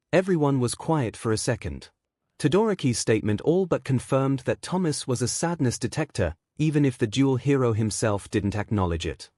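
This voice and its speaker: A man reading fan fiction aloud as the narrator in a lively storytelling voice. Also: medium pitch, normal speed, dry recording, clean studio sound.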